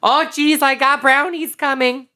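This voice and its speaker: A man voicing a sugary suburban mom who is secretly a supervillain, in a sweet falsetto. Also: fairly even intonation, unhurried, sharp tone, exaggerated voice. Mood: syrupy sweet.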